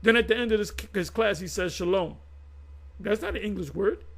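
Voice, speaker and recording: This man's voice is high, gravelly and fairly bright, and he talks quickly over a rough recording. Addressing viewers, he reads out definitions and unpacks them in casual, repetitive religious commentary.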